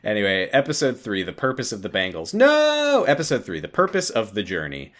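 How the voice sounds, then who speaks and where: A young man co-hosting a casual chat, retelling a game's story with lively jumps into voices and frequent laughs. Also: deep voice, fast talker. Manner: animated, jumps into voices for quoted lines, laughs often. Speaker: podcast co-host recapping a game story.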